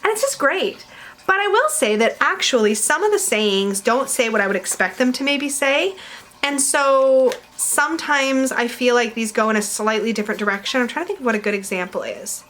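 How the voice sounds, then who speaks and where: A woman talks straight to her camera at home, chatty and rambling, with plenty of fillers and giggles. Her voice sits a little high. A faint hiss of room noise runs under the camera mic. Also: animated, moderate pace, a bit bright. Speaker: tarot vlogger reviewing decks. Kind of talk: casual chat to camera.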